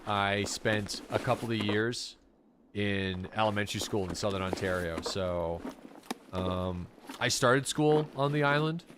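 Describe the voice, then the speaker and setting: A man's voice: on the low side, background noise. Laid-back swearing streamer guy. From Canadian Maritimes. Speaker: game streamer. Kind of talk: casual chat while gaming.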